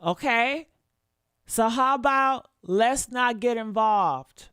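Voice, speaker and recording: A woman's voice: a little high, takes it slowly, fairly bright tone, clear, resonant tone, no room sound. Woman streamer going off at her chat, cussing, says stuff twice for emphasis, dry close sound. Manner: blunt, profane, repeats points for emphasis; talks straight to her chat, asks for likes. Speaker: livestream commentator. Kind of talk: reaction commentary to viewers.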